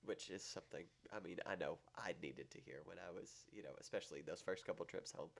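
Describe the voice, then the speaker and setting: A man's voice: low voice, creaky. A man hosting a podcast interview, asking questions and agreeing briefly. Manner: brief affirming interjections, quick. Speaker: podcast host. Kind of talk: casual interview.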